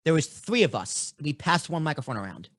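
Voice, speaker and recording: A young man from Boston hosts a podcast, his accent strong and his stories blunt and lively. His voice sits a little high, recorded close and dry. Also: fairly quick, no room sound. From Boston, USA. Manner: animated, blunt storytelling. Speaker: podcast host. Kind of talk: casual podcast chat.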